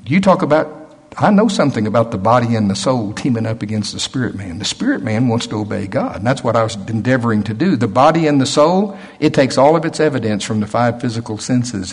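A man's voice: medium pitch, animated, fairly quick, husky. An older man preaching a sermon, telling stories in a folksy way and acting out the voices of others.

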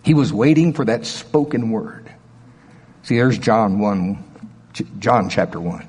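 Animated preacher man in a reverberant hall. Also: measured pace, husky. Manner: animated storytelling, swings from low murmurs to high exclamations. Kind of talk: sermon.

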